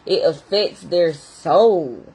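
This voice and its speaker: Husky woman chatting to camera. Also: on the low side, extremely slow, poor audio. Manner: animated, colloquial, talks straight to viewers. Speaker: behavior therapist vlogger. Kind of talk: casual talk to camera.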